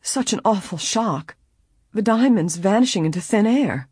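A storybook reader voicing a gentle, fussy aunt over sixty who frets easily, speaking breathily. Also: mid-range voice, fairly quick, husky, dry recording, clean studio sound, natural voice. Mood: fretful.

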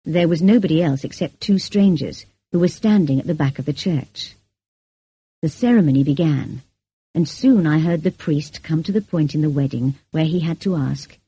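A woman reads an audiobook in a measured, even manner. Her voice sits low and sounds mellow and a touch husky. The recording is close and completely dry. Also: no room sound. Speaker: narrator. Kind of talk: audiobook reading.

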